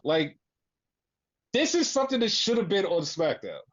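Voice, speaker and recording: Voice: medium pitch, normal speed, highs cut off. A podcast host recapping in casual chat, swearing freely and acting out quotes. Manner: profane, animated retelling with voiced quotes.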